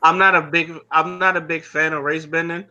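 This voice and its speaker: A man co-hosting a podcast in casual chat, talking fast with hesitant ums. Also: a little high, flat delivery, sharp tone, muffled recording. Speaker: podcast co-host.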